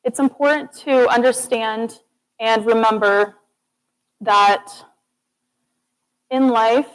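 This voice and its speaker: Young woman, student presenter, warm and earnest, lightly high-pitched voice, rallying the audience. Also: steady tone, takes it slowly, low-quality recording. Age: young adult. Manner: earnest, encouraging, addresses audience as "guys". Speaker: student speaker. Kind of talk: TED-style presentation. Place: classroom or lecture hall.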